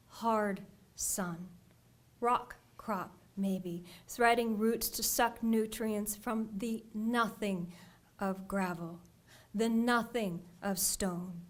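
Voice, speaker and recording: A woman poet giving a deliberate poetry reading, her phrases trailing off into a breathy near-whisper. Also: on the high side.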